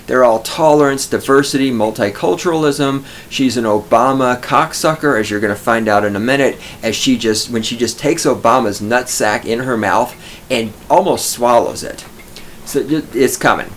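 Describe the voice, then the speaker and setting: A man's voice: medium pitch, a bit bright, a little hiss or hum. A middle-aged man from Texas, hosting a podcast and telling a scornful, profanity-laced story as a ranting monologue. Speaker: podcast host.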